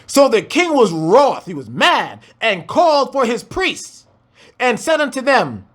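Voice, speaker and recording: Emphatic, animated man teaching the Bible. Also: extremely high pitch, unhurried. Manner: emphatic, conversational, addresses listeners as family. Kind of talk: casual Bible study commentary.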